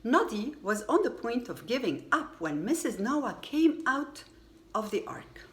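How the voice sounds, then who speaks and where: Lively woman reading a storybook aloud. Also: a little high, measured pace. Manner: lively, expressive reading with acted quotes. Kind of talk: children's storybook read-aloud. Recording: echoey room with faint ambient noise.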